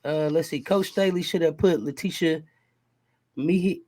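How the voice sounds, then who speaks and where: A man's voice: on the high side, moderate pace, darkish tone. A man hosting a casual sports chat, laid-back and quizzing his guests. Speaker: host.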